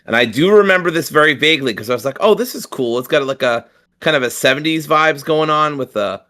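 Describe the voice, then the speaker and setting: A man's voice: a little high, animated, quick pace, pushed and bright. A man co-hosting a casual gaming podcast, rambling with lots of filler sounds and self-mocking jokes. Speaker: podcast co-host.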